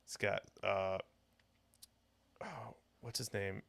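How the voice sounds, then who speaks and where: A man's voice: fairly low pitch, fairly even intonation, slow pace, vocal fry, fairly bright tone. A man co-hosting a podcast in casual chat, rambling and laughing often as he talks. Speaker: podcast co-host.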